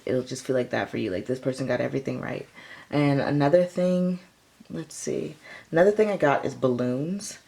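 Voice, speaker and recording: Gravelly-voiced woman reading tarot. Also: rumbling low, fairly even intonation, brisk, dark tone. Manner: rambling, filler-heavy, lots of "like" and "um". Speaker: tarot reader. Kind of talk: casual tarot reading to viewers.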